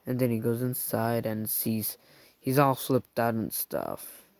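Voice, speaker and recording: A man's voice: medium pitch, sing-song, slow pace, vocal fry, no room sound. A man casually recapping a show scene by scene, rambling and chatty, adding his own sound effects. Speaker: show reviewer.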